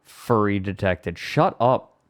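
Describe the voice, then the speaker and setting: A male streamer chats at an unhurried pace in a lowish voice. He rambles from one thing to the next and keeps amusing himself. It sounds like a casual live stream from a home setup. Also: animated. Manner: rambling, self-amused, breaks into laughter.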